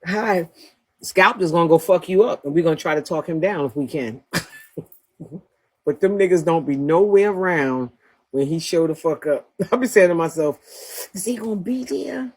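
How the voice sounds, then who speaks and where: A woman's voice: low voice, normal speed, a little mellow, breathy edge. Blunt profane woman ranting on a livestream. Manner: blunt trash-talking, profane, laughs often. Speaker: livestream host. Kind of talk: casual livestream rant.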